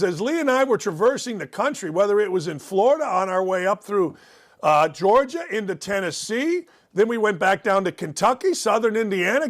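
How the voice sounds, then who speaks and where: A man hosting a sports talk show, ranting in a sarcastic, mocking way about sports and politics. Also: sits high. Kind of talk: opinionated sports and politics rant.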